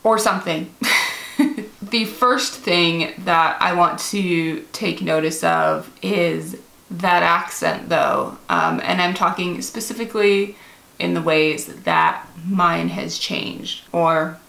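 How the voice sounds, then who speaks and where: A woman's voice: on the low side, fairly even intonation, slow pace, vocal fry, a bit bright, reverberant. A woman from Michigan with a Midwestern American accent that drifts a little British, chatting casually to camera at home, self-amused and laughing often, with plenty of ums. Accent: Michigan Midwestern American, partly drifting British. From Michigan, USA. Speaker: vlogger.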